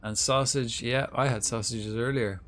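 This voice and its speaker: Male game streamer, mid-pitched, loose and rambling casual chat. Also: steady tone, moderate pace, fairly bright tone. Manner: rambling, chatty, thinks aloud with restarts. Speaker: livestreamer playing a game. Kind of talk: casual gameplay commentary.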